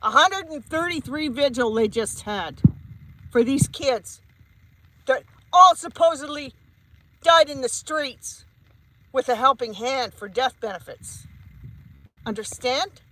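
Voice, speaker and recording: A woman's voice: high-pitched, expressive, slow, pauses often, background noise. A woman, a psychic medium, giving a heated vlog rant and repeating her points emphatically. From Canada.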